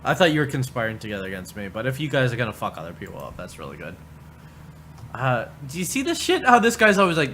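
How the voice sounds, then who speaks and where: A man's voice: mid-range voice, big pitch swings, quick pace, fairly bright tone, slight background noise. A man hosting a livestream, commenting casually with profane, sarcastic remarks. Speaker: livestream host.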